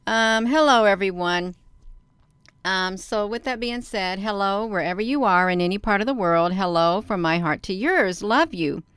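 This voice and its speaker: Woman, chatty livestream host, smooth clear voice, dry close sound, phone mic. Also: medium pitch, moderate pace, a bit bright, no echo. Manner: chatty, laughs often, addresses viewers as "you all". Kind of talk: casual live-stream commentary reading a news article.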